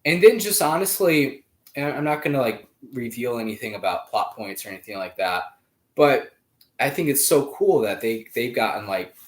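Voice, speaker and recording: A male podcast host talking in a casual, rambling way with lots of fillers and sudden jumps in pitch and loudness. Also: expressive, normal speed. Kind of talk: casual chat.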